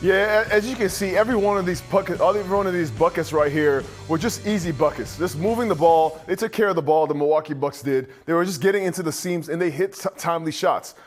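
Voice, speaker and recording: A man's voice: high voice, fast, hardly any pauses, soft background music. A former player turned basketball analyst, a man giving a loose, conversational game breakdown on a postgame show.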